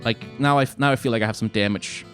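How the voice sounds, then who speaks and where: A man's voice: medium pitch, fast. A man giving casual gameplay commentary as a let's play host, thinking aloud and swearing now and then. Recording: game music playing loudly underneath. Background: game music.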